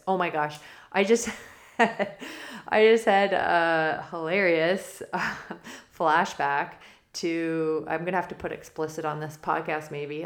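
A woman's voice: deep voice, creaky. A woman hosting a spiritual forecast podcast, talking casually and rambling off on tangents with frequent laughs. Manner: rambling and digressive; laughs often mid-sentence. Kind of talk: casual spoken monologue. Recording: roomy echo.

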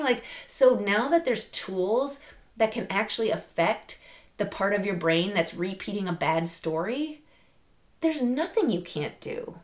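A middle-aged woman hosting a podcast, giving an animated, chatty motivational talk with lots of fillers and laughs. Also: lowish voice. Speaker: podcast host. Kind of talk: casual motivational monologue.

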